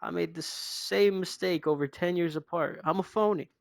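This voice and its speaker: A man's voice: high voice, normal speed, gravelly, no echo. A man voicing a self-doubting veteran male wrestler who talks in an earnest, dejected way.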